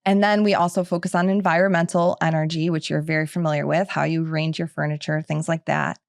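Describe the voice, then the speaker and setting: A woman's voice: sits low, flat delivery, fast, gravelly, no room sound. A middle-aged woman hosting a podcast in a chatty, casual monologue, full of filler words. The sound is dry and close. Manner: chatty, filler-heavy with frequent "like". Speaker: podcast host.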